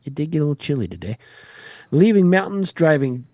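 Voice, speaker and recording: Wry male radio host, lively voice, dry studio mic. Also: on the high side, fairly quick, no echo. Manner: wry, irreverent, swears freely. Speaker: radio show host reading news. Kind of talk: casual news read with banter.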